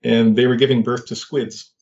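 Older man with a gravelly voice. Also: medium pitch, level tone, a little mellow, lo-fi sound. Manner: halting, many restarts and fillers, laughs at himself. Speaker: guest. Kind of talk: personal story in conversation.

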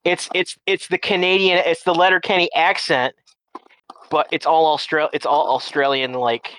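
A man's voice: fairly high pitch, level tone, normal speed, a bit bright, smooth, poor audio. A man in casual chat who rambles, restarting and repeating words often.

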